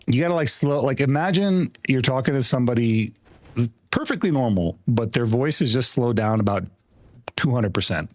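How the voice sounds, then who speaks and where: A man's voice: mid-range voice, animated, normal speed, no echo. A man streaming a game, chatting casually with a friend while he plays, laughing often and swearing casually. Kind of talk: casual gaming chat.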